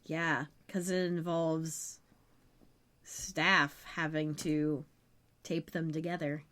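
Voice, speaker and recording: A woman's voice: sits low, level tone, slow pace, fairly bright tone. A young woman co-hosting a podcast, recapping scenes in a casual chat with wry, joking asides. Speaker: podcast co-host.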